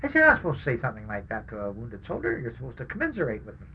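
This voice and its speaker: A man's voice: mid-range voice, huge pitch swings, rapid-fire, creaky, husky, muffled recording. Older man recounting war stories. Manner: anecdotal, acts out dialogue, chuckles. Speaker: war veteran telling his story. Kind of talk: oral history recollection.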